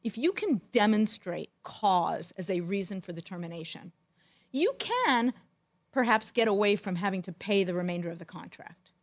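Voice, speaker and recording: Wry, animated woman telling a story. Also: mid-range voice, normal speed. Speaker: podcast co-host, former football executive. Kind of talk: storytelling in casual chat.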